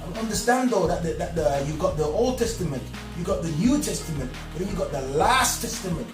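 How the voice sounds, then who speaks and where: Man, high voice, earnest preacher-like guest; roomy distant sound. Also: lively intonation, brisk. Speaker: guest speaker. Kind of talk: religious discussion. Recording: echoey room, far from mic, music behind.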